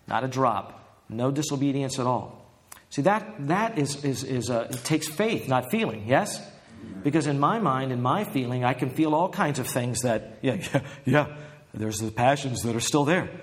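Earnest preacher man, conversational. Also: medium pitch. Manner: earnest, conversational, asks the congregation questions. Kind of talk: sermon.

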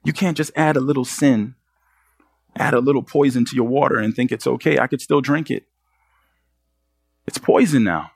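A male pastor delivers an earnest sermon, firing rhetorical questions at his listeners. His voice sits in a middle pitch. The sound is dry and close, with no room echo. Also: normal speed, vocal fry, pauses often, husky.

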